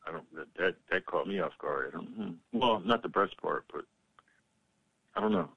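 A man's voice: deep voice, normal speed, gravelly, husky, no echo, lo-fi sound. A man talking on a radio show, rambling and hesitant, a bit self-conscious. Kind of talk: casual radio chat.

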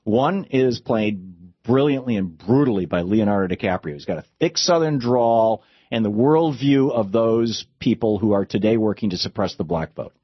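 A man's voice: lowish voice, animated, moderate pace, hardly any pauses, slightly rough, dry recording. A man delivering a political commentary monologue, impassioned and with sarcastic asides. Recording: dull lo-fi dry recording.

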